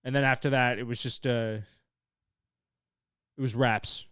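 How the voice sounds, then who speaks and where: A young man casually commentating a live fight stream, excitable and swearing while he reads the chat. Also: medium pitch, measured pace, smooth, no echo, clean studio sound. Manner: excitable and laid-back, swearing, laughing at chat. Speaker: fight watch-along streamer.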